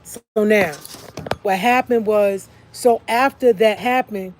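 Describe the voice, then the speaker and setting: A woman's voice: medium pitch, takes it slowly, slight background noise. A woman speaking in a casual monologue to viewers. She keeps stressing her points, often asking "okay?" and repeating "like I said.". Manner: emphatic, repeats "okay?" and "like I said" to listeners. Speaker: online video speaker.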